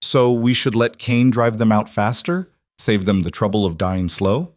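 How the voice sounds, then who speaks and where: Brief: man reading a quiet, firm Old West marshal, lowish voice, dry close sound. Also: a little slow, no echo, close to an everyday voice. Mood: defiant. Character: gruff frontier town marshal, steady and stubborn.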